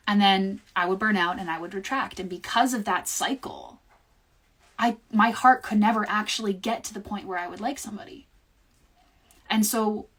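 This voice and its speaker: Candid, husky young woman reflecting. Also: medium pitch. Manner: candid, reflective, often trailing off to quieter words. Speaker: livestream host. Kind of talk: casual personal monologue.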